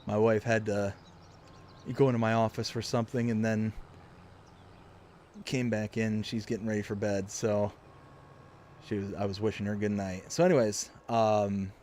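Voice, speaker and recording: A man's voice: fairly low pitch, little pitch movement, normal speed, long pauses, a little mellow, a little hiss or hum. A man live-streaming a farming game from his home office, chatting casually in a rambling, jokey way and chuckling often. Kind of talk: casual chat while gaming.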